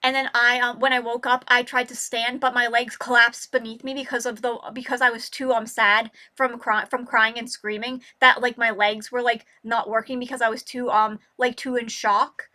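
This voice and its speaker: A young woman vlogger telling a personal story in a rambling, halting way, full of restarts and filler words. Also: a little high, little pitch movement, sharp tone.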